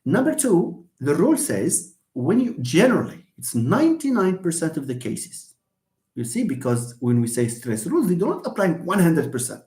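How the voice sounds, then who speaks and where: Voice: medium pitch, very animated, warm tone. Teacher in a roomy space. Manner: patient, chatty, stretches words out slowly to count syllables; laughs often and answers students by name. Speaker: university English teacher. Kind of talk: live online lecture.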